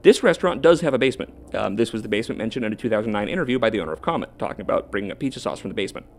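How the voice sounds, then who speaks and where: A man's voice: fairly low pitch, animated, racing. A man narrating a video script in a wry, dryly ironic manner.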